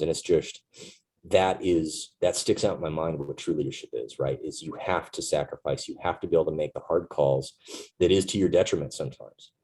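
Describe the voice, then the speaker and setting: A man in his thirties with a deep, dark, husky voice. He tells a story from his service earnestly and reflectively as an interview guest, checking in with "right?" as he goes. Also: poor audio. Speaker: interview guest, Marine veteran.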